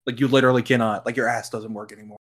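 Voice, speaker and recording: A young man co-hosting a podcast, chatting casually while reacting to a film and breaking into loud laughs. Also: mid-range voice, racing. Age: young adult. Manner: excitable, laughs loudly. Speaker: podcast co-host.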